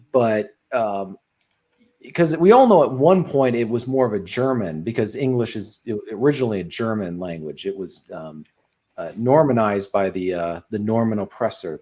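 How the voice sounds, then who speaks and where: A man's voice: medium pitch, a little mellow. A man, a podcast guest, talking casually over a video call, rambling with frequent ums and uhs.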